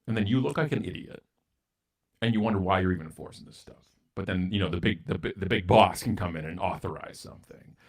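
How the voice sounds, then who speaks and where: A Canadian man appears as a guest speaker in an interview, telling a story bluntly and with self-mockery while acting out both sides of the dialogue. His voice is fairly low in pitch.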